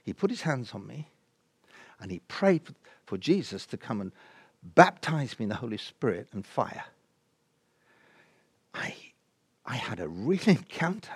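An older man, preaching and telling his own story of faith as an animated storyteller who acts out dialogue and sometimes drops almost to a whisper. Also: fairly high pitch, moderate pace, vocal fry, no room sound, studio quality. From England. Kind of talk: personal testimony in a sermon.

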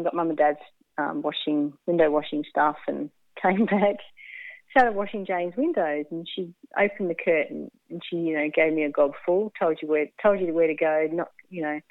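A woman's voice: sits low, dry recording. Woman on a tinny phone-like line. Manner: candid, laughs often, acts out quoted speech. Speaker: guest. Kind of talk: casual storytelling interview.

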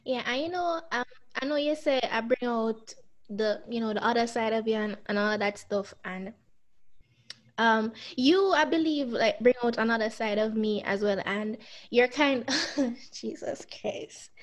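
A young woman co-hosting a casual podcast chat, tearful and close to crying. She speaks in a halting, emotional way with many restarts. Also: fairly high pitch. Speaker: podcast co-host.

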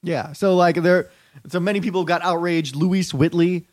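Sarcastic male co-host, somewhat high voice, dry close sound. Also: steady tone, normal speed, darkish tone, no room sound. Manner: profane, riled up, sarcastic. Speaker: co-host reading news stories. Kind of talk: casual podcast chat.

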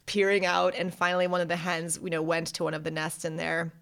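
A woman co-hosting a casual chat, telling a story with lots of laughter and acting out quotes in a high, excited voice. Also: fast, vocal fry. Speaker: podcast co-host.

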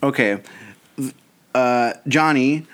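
A man co-hosting a podcast, telling a long story in a casual, animated way and often breaking into laughter. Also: mid-range voice, extremely slow, clear, resonant tone. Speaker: podcast co-host. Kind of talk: casual chat.

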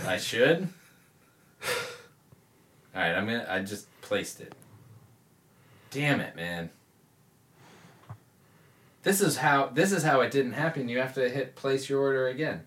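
A man's voice: medium pitch, expressive, slow, pauses often, a bit bright. A man in casual chat among friends, mumbling and trailing off, laughing at himself.

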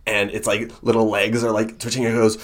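A man's voice: lowish voice, level tone, quick pace. A man running a tabletop role-play game as game master, describing scenes with lots of fillers. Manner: filler-heavy, descriptive storytelling.

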